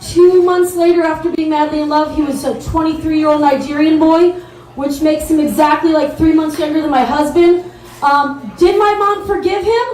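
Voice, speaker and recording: High-pitched midwest woman at an open mic, chatty rambling comedy, roomy live echo. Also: fairly even intonation, moderate pace, a little mellow, a little hiss or hum. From American Midwest. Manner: candid, rambling storytelling with many fillers. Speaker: stand-up comic at an open mic. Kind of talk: stand-up comedy set. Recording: echoey live room.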